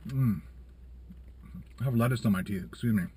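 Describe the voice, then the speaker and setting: A man's voice: mid-range voice, moderate pace, darkish tone, a little hiss or hum. A middle-aged man reviewing sandwiches in his car, chatting casually while chewing and talking with his mouth full. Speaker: food reviewer. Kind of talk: casual food review vlog.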